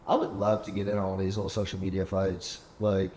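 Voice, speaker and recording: A man's voice: deep voice, completely flat delivery, a little fast, darkish tone. A man hosting a casual chat, telling rambling stories and acting out what others said. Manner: rambling storyteller, acts out quoted talk. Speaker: podcast host. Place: penthouse apartment. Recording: echoey room, faint background hum.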